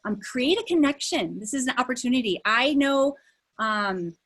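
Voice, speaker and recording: A woman's voice: high-pitched, animated, moderate pace, fairly bright tone, breathy edge, poor audio. A middle-aged woman leading a live online workshop over a video call, talking in a conversational way with many fillers and restarts. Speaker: workshop facilitator.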